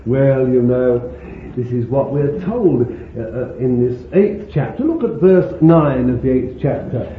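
A man's voice: medium pitch, takes it slowly, slight background noise. A man preaching a sermon with fervent, lingering emphasis on repeated words, recorded on a tinny old sermon tape in a roomy church hall.

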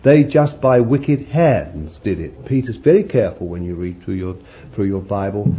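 Male preacher with a folksy, conversational sermon delivery and an animated pitch, on a muffled lo-fi recording. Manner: folksy, conversational preaching with many "you see" asides. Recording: muffled lo-fi recording with faint hiss.

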